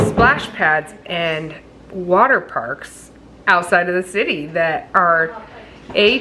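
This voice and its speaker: A woman in her thirties from Nebraska, chatting casually to camera in a family vlog and laughing often. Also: fairly low pitch. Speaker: vlogger, mother.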